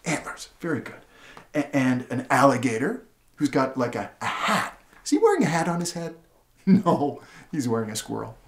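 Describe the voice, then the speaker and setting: A man's voice: medium pitch, normal speed. A playful man reads a picture book aloud as if to a small child, asking question after question in a voice that leaps all over its range. The room gives him a roomy, echoing sound. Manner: playful, asks the listener many questions; animated, gasps and laughs in surprise. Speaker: literacy educator. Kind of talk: demonstrating reading aloud to a child. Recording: roomy echo.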